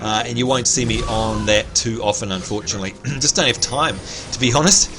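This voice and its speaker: Speaking a little fast at a medium pitch, an Australian man hosts a livestream and gives upbeat play-by-play of the match he's playing, chatting with viewers as he goes. He's slightly hoarse and clears his throat, and there's background noise.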